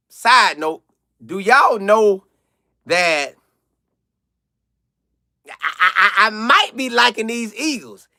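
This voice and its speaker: A man's voice: high-pitched, bright, forceful tone, dry recording, studio quality. A man hosting a casual sports live stream, reading viewer comments aloud and reacting in loose slang.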